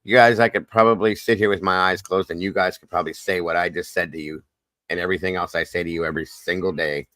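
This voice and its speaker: A man's voice: low voice, fairly even intonation, fast, bright, forceful tone, no echo. A man with a Southern US accent hosting a casual livestream chat, folksy, repetitive and upbeat. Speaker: host.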